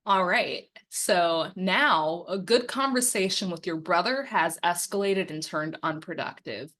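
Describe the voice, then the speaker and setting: In an unhurried, lowish voice with a bit of brightness, a young media and democracy campaigner runs a quiz-style lesson. Friendly and coaching, she asks multiple-choice questions and walks through the answers, saying um often.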